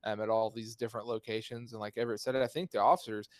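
A man's voice: fairly low pitch, little pitch movement, quick pace, no room sound. Upbeat, joking male host, dry sound. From Texas. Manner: upbeat, jokey, laughs often. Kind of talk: casual chat.

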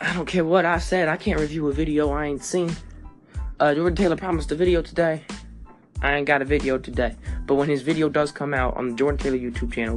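A young man hosting a fan podcast in a casual, playful, joking way. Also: mid-range voice. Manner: playful, joking, quick asides.

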